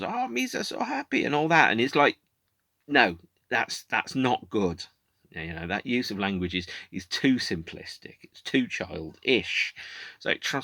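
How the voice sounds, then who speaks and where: A man's voice: deep voice, bright, forceful tone, no echo. A man hosting his own podcast, talking alone in a rambling, opinionated way with many false starts. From United Kingdom. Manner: rambling, opinionated, frequent restarts. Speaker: podcast host. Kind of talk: casual solo monologue.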